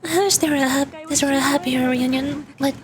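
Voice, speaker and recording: A woman's voice: sits high, fairly even intonation, fairly quick, crowd noise. A young woman vtuber reading game dialogue aloud as she plays, with casual asides. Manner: reads all characters' lines with casual asides. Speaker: vtuber streamer. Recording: game music behind the voice.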